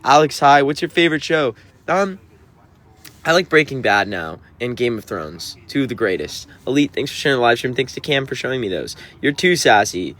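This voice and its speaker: A man's voice: medium pitch, very animated, normal speed, a bit bright. A man, a touring musician, reading out and answering viewer comments on a livestream in a sassy, teasing, mock-offended way. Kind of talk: livestream reading chat aloud.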